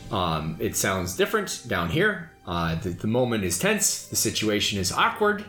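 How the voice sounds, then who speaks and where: A man's voice: lowish voice, huge pitch swings, normal speed, bright, forceful tone, echoey room, faint music behind. A man running a tabletop game as game master, narrating scenes in a descriptive, loose way.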